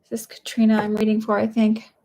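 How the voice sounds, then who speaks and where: Rambling woman psychic with a gravelly voice. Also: mid-range voice, completely flat delivery, a little fast, warm tone. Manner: rambling and hesitant, with many fillers; reads viewer questions aloud, then answers. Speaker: psychic medium. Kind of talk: live-stream readings for viewers.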